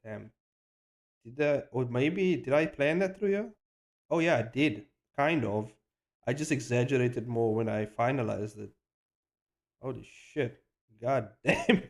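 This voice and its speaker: A man chatting casually on a live stream while he animates, excitable and hyping himself up, swearing freely, rambling with restarts and slang. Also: mid-range voice, measured pace, long pauses. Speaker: animator streaming his work.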